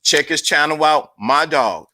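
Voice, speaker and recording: A man's voice: a little high, a little slow, pushed and bright. A man hosting a livestream chat, hyped and emphatic, often repeating himself. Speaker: livestream host.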